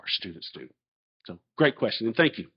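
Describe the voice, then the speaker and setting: A man's voice: on the low side, very animated, fairly quick, slightly rough. A middle-aged man, a candidate answering questions in a public forum in a folksy, storytelling way. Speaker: chancellor candidate. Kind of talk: public Q&A presentation. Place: large hall. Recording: dull lo-fi audio.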